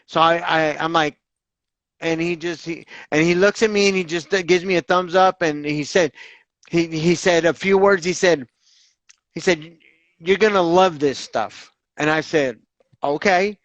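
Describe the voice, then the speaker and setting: A man telling his own recovery story in an interview, animated and candid, acting out the voices of others and swearing casually. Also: on the high side, a little slow, no room sound, lo-fi sound. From Southern California.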